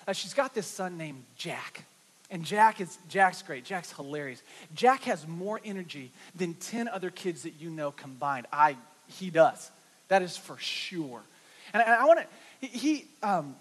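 A middle-aged man preaching a sermon, telling an animated story with lots of repeated words. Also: high-pitched. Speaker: pastor. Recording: reverberant hall.

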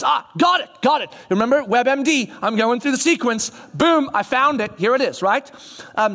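A man preaching a sermon, telling the story in an animated way and acting out voices of the people in it. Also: sits high. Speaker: pastor.

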